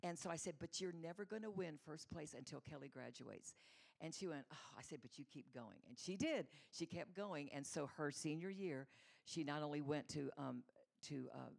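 Low gravelly woman telling a sermon story. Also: lively intonation, moderate pace. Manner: warm, conversational, acts out quoted voices. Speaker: church speaker, mother.

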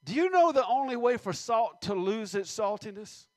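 A man preaching a sermon, reading scripture slowly and stressing words, with many questions to the congregation. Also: sits high, big pitch swings, dry recording.

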